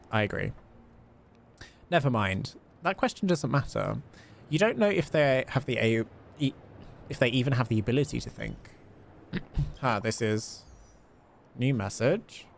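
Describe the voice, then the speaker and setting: A man's voice: mid-range voice, vocal fry, slight background noise. A man streaming a game live, chatting casually with lots of fillers and laughs.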